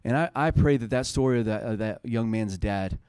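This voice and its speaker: A man's voice: lowish voice, a little fast, a little mellow, clear, resonant tone, no echo. A man in his thirties preaching a sermon, earnest and conversational, building to fervent passages. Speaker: pastor.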